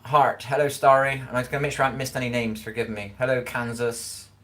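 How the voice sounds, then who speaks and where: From his home kitchen, a livestreamer from Scotland rambles through casual chat, forever asking "do you know what I mean." His pitch is medium and his tone level and fairly bright, with a quick pace.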